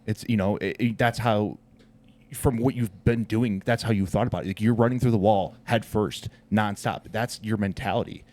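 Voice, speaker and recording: Low-voiced podcast host guy, earnest, pumping up his guest, keeps calling him brother. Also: fairly even intonation, moderate pace, darkish tone. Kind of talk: casual podcast conversation.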